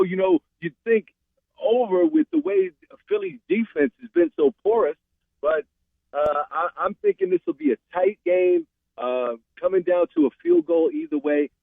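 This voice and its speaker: Male sports-betting caller, gravelly, lively delivery, tinny phone sound. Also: very high-pitched, no echo. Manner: animated, rambling, salesy. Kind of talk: casual sports radio chat. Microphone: phone call.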